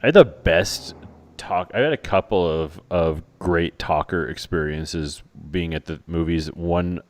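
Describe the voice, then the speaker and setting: A man co-hosting a podcast, mostly agreeing, then telling a lively anecdote. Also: low voice, a little slow. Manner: steady backchannel, animated when telling anecdotes. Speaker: podcast co-host. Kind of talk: casual chat.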